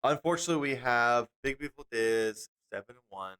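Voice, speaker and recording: A man's voice: mid-range voice, animated, fairly quick, a bit bright, smooth. A man co-hosting a casual fantasy football podcast late at night, sounding tired and yawning now and then. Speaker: podcast co-host.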